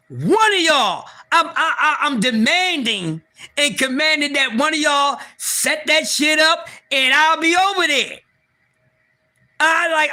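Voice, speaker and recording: A man hosting a casual livestream, excitable and profane, talking straight to his viewers and often repeating and restarting. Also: very high voice. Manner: excitable, profane, talks to chat. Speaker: livestream host.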